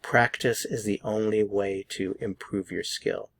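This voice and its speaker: A man with an American accent teaching a pronunciation lesson, repeating each word slowly and deliberately for learners to copy. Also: fairly low pitch, fairly even intonation, vocal fry. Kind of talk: slow drilled pronunciation lesson.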